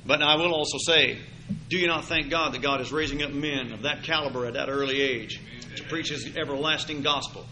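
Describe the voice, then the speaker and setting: Hoarse preacher, bright and fervent. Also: male voice, a little high, a little fast, rough recording. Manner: builds from quiet to loud emphatic preaching. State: sore scratchy throat. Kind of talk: sermon. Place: church before a congregation.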